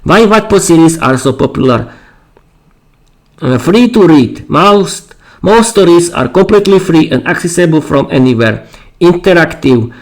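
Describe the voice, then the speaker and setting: Hoarse man hosting a live stream. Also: on the high side, animated, rough recording. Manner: halting, repeats words and restarts. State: losing his voice, clearing his throat. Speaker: podcast host. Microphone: streaming mic.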